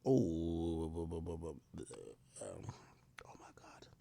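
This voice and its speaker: Gravelly-voiced male streamer. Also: sits low, slow. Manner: animated storytelling with swearing and laughter. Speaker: live streamer host. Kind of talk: casual live stream talk.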